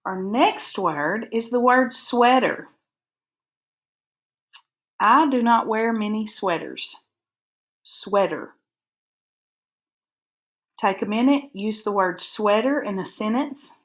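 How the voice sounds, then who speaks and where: A woman teacher, dictating spelling words and breaking them into syllables slowly and carefully for a recorded lesson. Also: mid-range voice, expressive. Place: recorded for an online video lesson.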